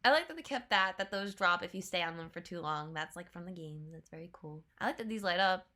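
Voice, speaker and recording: A young woman chatting casually as she reacts to a trailer, laughing often and slipping into quick playful voices. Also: fairly low pitch, expressive, pushed and bright.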